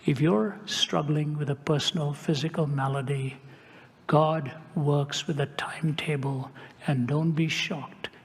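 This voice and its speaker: A man's voice: a little high, steady tone, measured pace. Man preaching in a reverberant hall. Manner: recounts dialogue, acting out quoted speech, with wry asides. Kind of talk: sermon storytelling.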